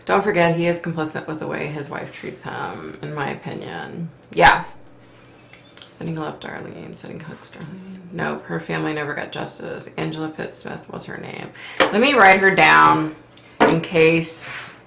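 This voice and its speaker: A woman's voice: low-pitched, measured pace, gravelly, pushed and bright, reverberant, a little hiss or hum. A middle-aged woman hosting a psychic livestream, reading viewer comments aloud and answering with sympathy and frequent sighs. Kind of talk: casual live chat reading comments.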